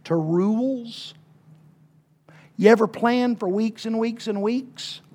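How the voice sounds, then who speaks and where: A woman preacher, giving a sermon with folksy humor and dramatic swings between hushed and loud emphasis. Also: medium pitch. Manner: folksy and humorous, with playful asides.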